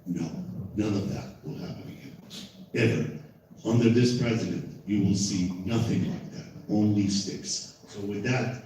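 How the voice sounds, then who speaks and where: A man's voice: fairly low pitch, normal speed, dark tone, slight background noise. A man moderating a live panel, talking emphatically and repeating his points, recorded from far off in an echoey hall. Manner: emphatic and repetitive, insistent.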